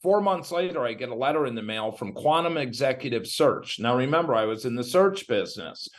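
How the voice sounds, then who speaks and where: A man's voice: mid-range voice, fairly quick. Candid man telling his story. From Illinois, USA. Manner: candid, animated storyteller quoting others. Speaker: guest. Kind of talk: storytelling interview.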